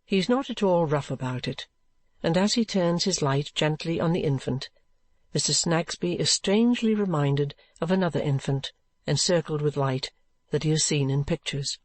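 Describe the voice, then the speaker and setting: A woman narrating a classic novel in an audiobook with measured, even storytelling. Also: low-pitched, dry recording.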